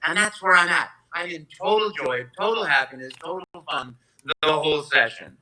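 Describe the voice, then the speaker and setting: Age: adult. Sex: man. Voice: bright, a bit high. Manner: effusive, rambling storyteller. Mic: phone at home. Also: animated, normal speed, a little hiss or hum, rough recording. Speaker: voice actor guest. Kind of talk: live-streamed convention Q&A. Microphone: phone propped up.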